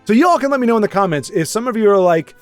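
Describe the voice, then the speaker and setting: A man with a fairly high voice gives relaxed, rambling commentary on a card game, often restarting his sentences and poking fun at himself. Soft music plays faintly under his talk. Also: very fast. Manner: chatty, self-deprecating, rambling with restarts. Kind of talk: casual gameplay commentary.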